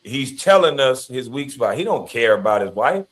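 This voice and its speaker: A man's voice: mid-range voice, big pitch swings, moderate pace. A male commentator with an ordinary mid-range voice delivers blunt, preachy judgments in a casual commentary style.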